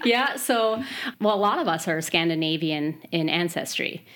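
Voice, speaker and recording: A woman from Michigan's Upper Peninsula with a softened Yooper accent, chatting casually and laughing often. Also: lowish voice, expressive, moderate pace, a little hiss or hum. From Upper Peninsula of Michigan, USA. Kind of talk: casual conversation.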